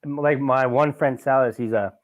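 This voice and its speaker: A young man, hosting a podcast and talking excitedly about sports, swearing often. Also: mid-range voice, moderate pace, muffled recording. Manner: excited, swears a lot, passionate sports fan. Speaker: podcast host. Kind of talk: casual chat.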